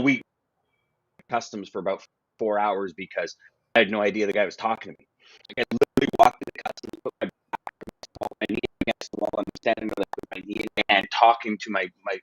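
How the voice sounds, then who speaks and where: A man talks shop as a podcast guest, spinning animated stories and restarting sentences as his thoughts race ahead. His sits in a dry, close sound, and the recording is a touch muffled. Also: medium pitch, dry recording. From Canada. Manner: animated storyteller, frequent restarts. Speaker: guest, freight broker. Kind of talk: casual podcast conversation.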